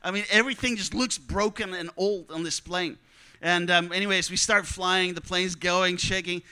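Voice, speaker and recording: Storyteller, male: high, clear voice, animated and joking, acts out dialogue. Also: moderate pace. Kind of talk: personal travel story told to an audience.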